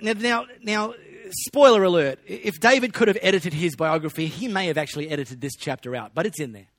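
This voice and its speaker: Aussie pastor guy preaching, chatty and jokey, slightly higher voice, dry close sound. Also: expressive, quick pace, no room sound. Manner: conversational, joking asides to the congregation. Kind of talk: sermon.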